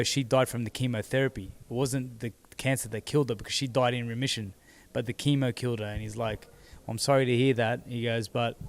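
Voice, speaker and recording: A man in a seated interview, his voice smooth and clear and his pitch held fairly flat and even. He tells a personal story in a halting way, often repeating words before he goes on. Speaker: interview guest, former boxing champion.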